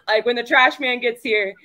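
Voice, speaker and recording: A woman's voice: on the high side, unhurried, sharp tone. A woman co-hosting a casual talk show, blunt and self-deprecating, with frequent swearing. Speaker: co-host, writer. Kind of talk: casual chat.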